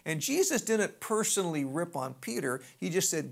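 A preacher delivers a sermon as lively storytelling. The voice leaps up and drops low from phrase to phrase, and wanders off into folksy side remarks before coming back to the point. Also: moderate pace, gravelly. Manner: animated storytelling with sidebars and big pitch swings; conversational, folksy asides.

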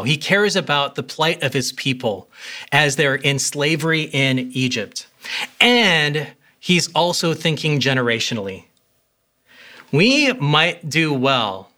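A man's voice: a little high, bright, forceful tone. A man preaching a sermon as pastor, earnest and conversational, with a few fillers.

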